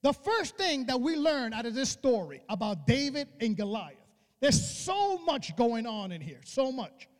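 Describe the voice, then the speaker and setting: High-voiced preacher man in a reverberant hall. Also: sing-song, measured pace. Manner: emphatic, colloquial, acts out biblical dialogue, rises to shouting. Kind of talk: sermon. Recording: long reverb of a church hall.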